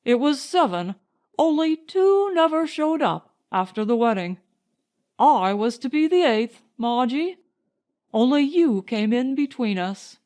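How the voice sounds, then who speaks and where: A woman's voice: high-pitched, lively intonation, unhurried, darkish tone, voice pushed up. Woman voicing a teasing British army captain. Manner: mock-formal, joking. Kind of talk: audiobook character reading.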